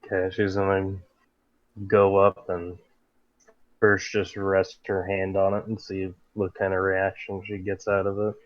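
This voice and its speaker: A man's voice: sits low, monotone, a little slow, no echo, highs cut off. A man playing in a tabletop role-playing game, talking casually and eagerly to the game master. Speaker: player.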